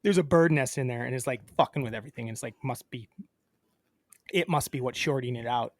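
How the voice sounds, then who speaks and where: Animated man telling a story, dry sound. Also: medium pitch, fast talker, dry recording. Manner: animated storyteller acting out phone calls. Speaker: podcast co-host. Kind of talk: casual chat.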